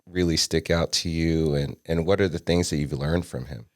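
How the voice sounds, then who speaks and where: Man, very deep voice, podcast host, gentle supportive questions, dry close recording. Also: steady tone, moderate pace, dry recording. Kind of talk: interview questions.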